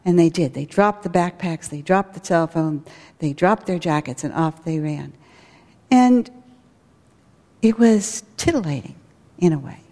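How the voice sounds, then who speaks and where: Woman giving a spiritual talk, storytelling, warm mellow voice, big echoey hall. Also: on the low side, animated, a little slow, long pauses. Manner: earnest, storytelling with acted quotes. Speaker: school director giving a talk. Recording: long hall reverb.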